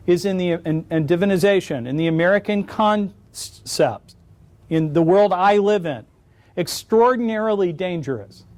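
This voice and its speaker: A man's voice: high-pitched, a little mellow. A middle-aged man answering questions at a conference, joking and telling wry anecdotes. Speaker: conference speaker. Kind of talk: lecture Q&A answer. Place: conference hall.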